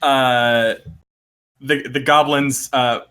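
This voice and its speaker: A man narrating as game master of a tabletop game, halting with restarts and frequent laughter. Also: mid-range voice, steady tone, a bit bright, clean tone. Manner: halting, many fillers and restarts, laughing often.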